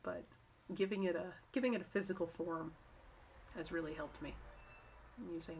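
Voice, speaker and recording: A woman's voice: fairly low pitch, moderate pace, a little mellow, a little hiss or hum. A middle-aged woman chatting casually to camera in a vlog, rambling and self-correcting as she shares work-from-home tips. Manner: rambling, chatty, with many restarts and asides.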